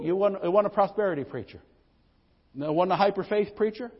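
A middle-aged man with a high, breathy, sing-song voice preaches at a moderate pace, leaving long pauses. He's a pastor in a church sanctuary, spinning funny folksy stories and frequently crying "amen." The lo-fi recording sounds dull and echoes with long reverb.

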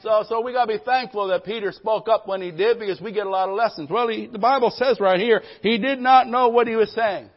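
A man preaches a live church sermon with fervor, pausing to call for amens from his listeners. His voice sits high. The audio is dull and lo-fi, like a live stream of a church service. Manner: fervent preaching, calls for amens. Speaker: pastor.

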